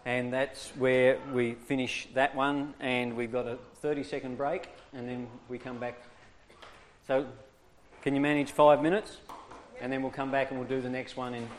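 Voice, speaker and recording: A man teaching a church training class, his voice at an ordinary middle pitch. He talks in a lively, coaxing way and keeps checking in with his listeners. A faint hum of noise sits behind him. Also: normal speed.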